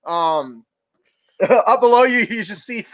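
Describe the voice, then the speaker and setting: A man's voice: high-pitched, animated, slow, fairly bright tone. A young man running a tabletop game as dungeon master, narrating casually and laughing often.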